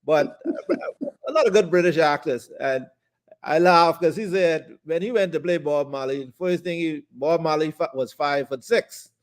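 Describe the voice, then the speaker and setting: A man's voice: on the high side, normal speed. A man co-hosting a casual talk show, easygoing and chatty, with frequent fillers and laughter. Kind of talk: casual chat.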